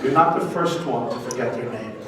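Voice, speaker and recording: A man's voice: medium pitch, expressive, a little fast, crowd noise, close to an everyday voice. A man voicing a tender, reassuring woman in her eighties. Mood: soothing. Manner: soothing, reassuring. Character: tender soothing eighty-nine-year-old woman. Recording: echoey banquet hall from far off, noisy.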